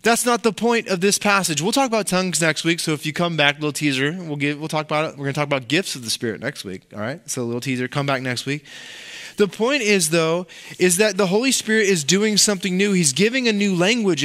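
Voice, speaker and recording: A pastor delivering a sermon in a church, his voice sitting a little high for a man. He preaches in a relaxed, conversational way, bouncing between scripture and playful asides to the people in front of him. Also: fast talker.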